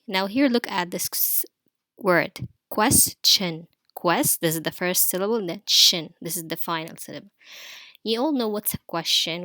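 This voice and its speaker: A woman teaching an online spelling lesson to young pupils, explaining slowly and repeating each word for the class to say. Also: mid-range voice, pushed and bright, dry recording, studio quality.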